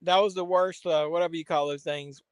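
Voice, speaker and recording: A man's voice: fairly high pitch, fairly even intonation, brisk, clear, resonant tone, dry recording. A man hosting a casual live watch-along, making wry, joking asides as the film plays. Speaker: host.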